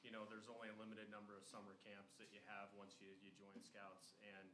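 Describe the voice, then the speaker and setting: A man's voice: fairly low pitch, monotone, a little fast. A man, a scout's father, speaking hesitantly with many fillers at a church ceremony. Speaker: parent of a scout. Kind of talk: informal speech at a ceremony. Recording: echoey hall with room noise.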